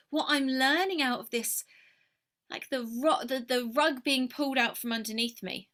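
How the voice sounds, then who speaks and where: This spiritual mentor has a high-pitched, fairly bright voice. She reflects in a personal video with emotion, earnest and heartfelt, occasionally sinking to a near whisper.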